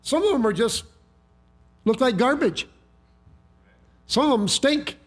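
A man's voice: very high-pitched, animated, slow pace. A man preaching a sermon, telling a story in a folksy way with frequent restarts and repeated words. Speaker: pastor.

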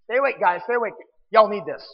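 A man's voice: sits high, animated, fast talker, big-room sound, lo-fi sound. A man preaching a sermon, emphatic and appealing directly to his listeners.

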